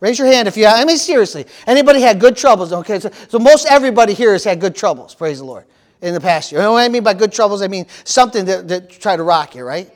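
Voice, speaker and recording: A man preaching a sermon in a church, lively and playful, acting out panicked voices and calling out to the congregation. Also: high-pitched, fast. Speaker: pastor.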